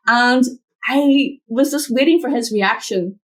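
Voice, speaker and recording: A woman mentor, a guest in an interview, telling a personal story from her home office over a video call, acting out the voices in it. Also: unhurried. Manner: animated, acts out quotes with big pitch jumps.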